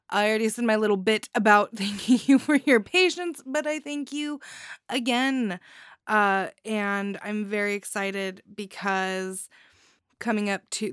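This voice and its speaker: A woman's voice: mid-range voice, no room sound, clean studio sound. A woman hosting a podcast, giving a casual, chatty review with bubbly enthusiasm and frequent giggles. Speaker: podcast host reviewing stories.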